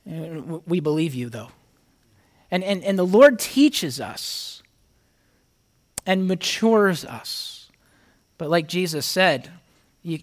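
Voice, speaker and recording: A pastor with a notably high voice gives an earnest, conversational sermon. He talks straight to his congregation, then reads scripture aloud with rising emphasis.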